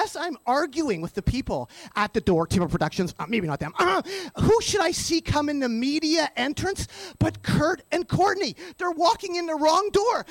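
A man with a high, wildly animated voice tells a radio anecdote, stammering in his excitement and acting out every person in the story. The sound is close and dry, with no room around it. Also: moderate pace, few pauses, no echo. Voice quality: high, lively, animated voice that jumps in pitch. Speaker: radio host telling an anecdote. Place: radio studio.

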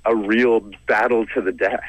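A young comedian tells a story from his teens with self-mocking humor and quick chuckles. His voice sits low, and the studio sound is dry and close. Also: steady tone, dry recording, low-quality recording. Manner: chatty, self-mocking, laughs between lines. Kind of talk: casual storytelling interview.

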